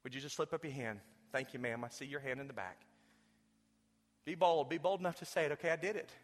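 A pastor preaching a sermon in a large church sanctuary, earnestly pleading and at times dropping to a hushed whisper. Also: male voice, a little high, fast. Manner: earnest, building to fervent appeals, drops to hushed whispers. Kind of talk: sermon with altar call. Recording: long hall reverb with faint music.

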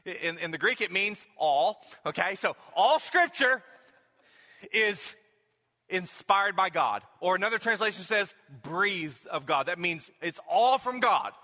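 High, bright-voiced preacher in a reverberant hall. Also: male voice, lively intonation, unhurried. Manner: conversational, self-questioning preaching with repeated rhetorical questions. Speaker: pastor. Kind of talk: sermon. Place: church sanctuary.

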